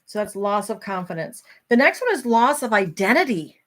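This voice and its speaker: A woman's voice: mid-range voice, big pitch swings, moderate pace, a bit bright. A middle-aged woman hosting a casual talk, reading from a self-help book and chatting candidly with her viewers.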